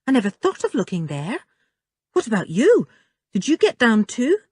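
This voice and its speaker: A woman's voice: a little high, huge pitch swings, moderate pace, a little mellow, breathy edge, no room sound, pitched above the performer's own voice, heavily acted. A woman reading an audiobook, voicing a remorseful young boy who speaks in a choked, pleading way. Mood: indignant.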